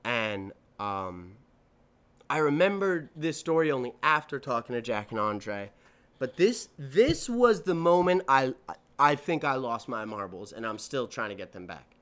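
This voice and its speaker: A man's voice: medium pitch, sing-song, a little slow, a bit bright, clean tone. A man in his twenties hosting a solo podcast, telling stories in a rambling, profane, self-correcting way. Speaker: podcast host. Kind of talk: casual solo podcast monologue.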